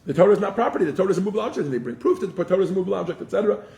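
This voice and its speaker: A teacher gives a casual religious class, telling animated stories with frequent restarts. His gravelly voice sits high and races along, and the recording has a roomy echo.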